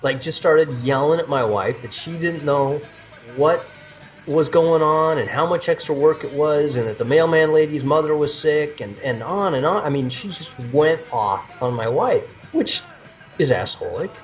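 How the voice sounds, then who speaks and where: A man co-hosting a podcast, telling stories in an animated, casual way. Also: on the high side, moderate pace, faint music behind. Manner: animated storytelling, laughs easily. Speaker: podcast co-host. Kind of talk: casual chat.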